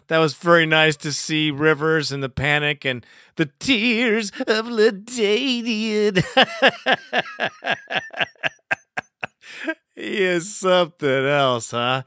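A man's voice: a little high, bright, forceful tone, clear, resonant tone, no room sound, studio quality. A man hosting a fan call-in show, chuckling and bantering loosely with callers. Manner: laid-back, chuckling banter. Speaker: host.

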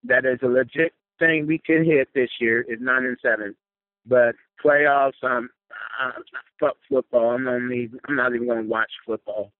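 A man's voice: mid-range voice, fairly even intonation, moderate pace, dry recording. Angry caller guy ranting n cursing over a tinny dry phone line. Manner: furious, swearing, venting.

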